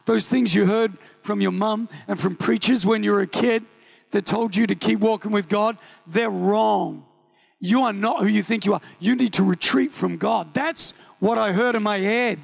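Gravelly high-voiced New Zealand preacher. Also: male voice, normal speed. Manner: animated, joking, acts out voices. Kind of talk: sermon storytelling.

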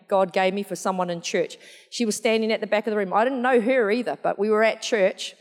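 A woman preaching a sermon in a chatty, humorous storytelling way, full of asides. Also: a little high. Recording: long hall reverb.

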